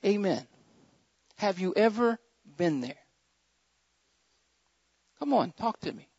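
A man preaching with a high, lifted voice and impassioned fervor, rising into loud surges, then dropping to quieter emphatic passages. He repeats his key phrases for emphasis. The recording is dry and dull, like a lo-fi sermon tape. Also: big pitch swings, slow pace, slightly rough, no echo. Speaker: pastor.

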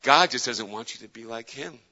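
A man voicing a deceitful, smooth-talking serpent in a sermon retelling, coaxing and wheedling. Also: mid-range voice, lively intonation, moderate pace, bright, forceful tone, exaggerated voice. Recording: dull lo-fi with long hall reverb.

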